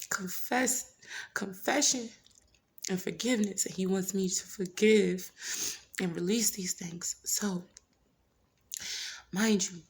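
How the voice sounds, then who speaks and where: A woman vlogger giving a personal testimony, talking earnestly, repeating phrases for emphasis and sometimes dropping to a hushed whisper. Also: on the low side, gravelly. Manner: drops into hushed whispers at times.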